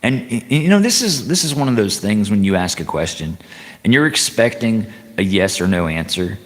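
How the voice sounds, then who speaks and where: A man on a livestream telling a rambling story, halting and repeating himself with chatty asides. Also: fairly low pitch, expressive, big-room sound.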